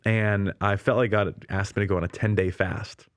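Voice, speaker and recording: A man from Canada, a ministry leader, telling his story as an interview guest in a lively, animated way, acting out quoted dialogue and laughing often. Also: on the low side, normal speed, no room sound.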